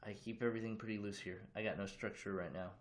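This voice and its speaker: A man's voice: on the low side, steady tone, fast talker. A man casually hosting a livestream from his room, chatting loosely and greeting viewers with questions. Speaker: livestream host.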